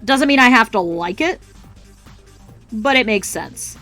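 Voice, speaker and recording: A woman with a fairly high voice rants on her stream, salty and swearing freely. She talks casually to her chat, and faint music plays under her voice. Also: animated, a little slow, bright, forceful tone. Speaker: art streamer.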